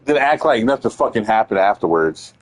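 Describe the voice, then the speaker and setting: A young man chatting casually while gaming, animated and heavy on swearing, acting out the people in his stories. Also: fairly low pitch, fairly quick, poor audio. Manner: profane, animated storytelling, mimics others. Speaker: streamer.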